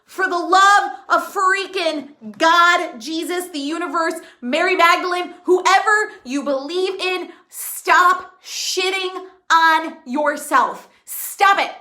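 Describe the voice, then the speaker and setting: A woman's voice: very high voice, takes it slowly, sharp tone, echoey room. A woman business coach giving a blunt, profane, emphatic motivational talk. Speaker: women's empowerment and business coach. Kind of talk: motivational monologue.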